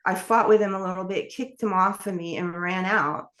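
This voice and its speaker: A woman's voice: on the low side, fairly even intonation, moderate pace, a bit bright. A middle-aged woman from New York, candidly telling her life story as an interview guest in a rambling way with frequent laughs. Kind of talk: personal testimony in an interview.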